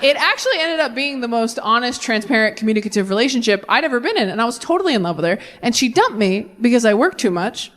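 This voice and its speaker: A woman in her thirties doing a stand-up set with crowd work, quick and self-deprecating, laughing at her own tangents. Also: on the high side, a bit bright. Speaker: stand-up comedian. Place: theater stage with live audience.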